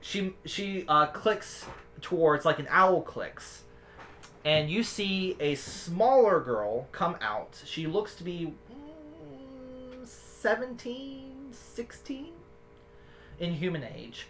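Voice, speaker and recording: A woman's voice: on the low side, expressive, slow pace, a bit bright, faint music behind. A woman narrating a tabletop game as game master, in rambling descriptive narration with restarts.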